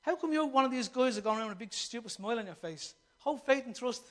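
A man delivering a fervent sermon in a strikingly high voice. He keeps asking the congregation questions and slips into the voices of the people he quotes. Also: expressive, fast. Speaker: preacher. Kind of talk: impassioned sermon.

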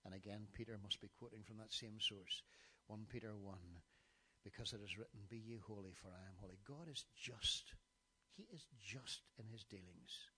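A man's voice: fairly low pitch, normal speed, bright, forceful tone, slight background noise. A middle-aged man preaching a sermon, reciting scripture passages with emphasis and now and then stumbling over his words.

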